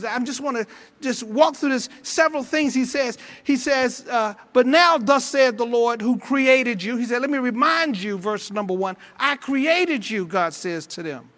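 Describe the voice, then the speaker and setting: A man's voice: very high voice, a bit bright. A male pastor preaching a sermon with fervor, repeating phrases and calling out to the congregation.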